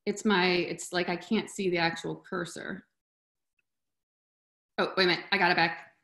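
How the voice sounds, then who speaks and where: A woman's voice: lowish voice, flat delivery, moderate pace, gravelly, fairly bright tone, reverberant. A woman presenting on a video call in a casual, heartfelt way, sometimes getting choked up. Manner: emotional, chokes up at times. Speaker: webinar presenter.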